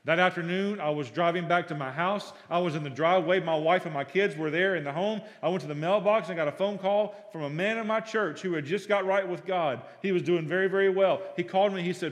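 A middle-aged male pastor preaching a sermon, telling stories and acting out dialogue, swinging between loud and hushed. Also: high-pitched, brisk, hardly any pauses. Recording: long reverb of a hall.

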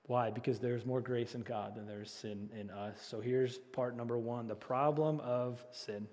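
In a long, reverberant hall, a man preaches a sermon as pastor, his mid-range voice a little mellow and fairly even in intonation at normal speed. He earnestly repeats key phrases and leads the congregation in call and response.

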